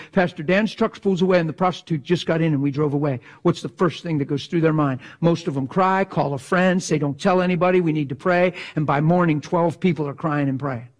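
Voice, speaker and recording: A male pastor preaching an impassioned sermon in a folksy way, dropping from loud cries to hushed whispers. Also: a little high. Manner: folksy, drops into slang like "ain't".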